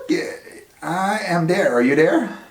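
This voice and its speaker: A man hosting a playful children's science demonstration, teasing his assistant with big swings of pitch. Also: animated, measured pace. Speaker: children's science show host. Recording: echoey room.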